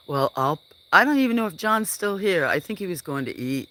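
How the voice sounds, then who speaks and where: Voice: medium pitch, animated, moderate pace. Rambling farm streamer outdoors at night. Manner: rambling storyteller, often dropping to a hush. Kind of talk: casual live-stream chat. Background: crickets chirping.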